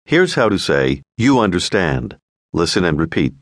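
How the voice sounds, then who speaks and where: Measured male language-course narrator. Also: sits low, sing-song, no room sound, studio quality. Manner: clear, measured instructional delivery. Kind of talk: scripted audio lesson instruction.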